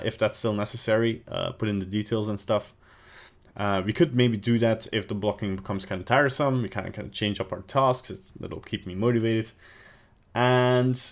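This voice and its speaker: A man giving casual livestream commentary on his 3D animation work, talking in a rambling, halting way. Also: lowish voice. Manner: rambling, halting, with many fillers and restarts.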